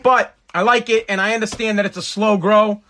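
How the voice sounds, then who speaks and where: A man's voice: high-pitched, steady tone, fairly quick, bright, forceful tone. A man in his thirties hosting his own podcast, ranting in a profane, exasperated and rambling way. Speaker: podcast host. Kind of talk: solo podcast rant.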